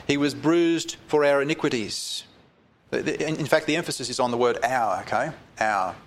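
A man teaching a Bible study, reading scripture slowly and with emphasis, then explaining it in a loose, conversational way. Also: fairly high pitch.

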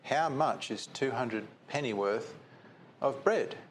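Questioning preacher, faint hiss. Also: male voice, medium pitch, animated, takes it slowly. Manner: conversational, asks the listeners questions. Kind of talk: sermon.

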